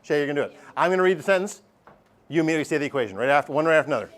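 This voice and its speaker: A man teaching math in a classroom, pitched a touch high. He jokes with his students and keeps the lesson lively and direct. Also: racing. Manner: lively, joking, talks straight to students.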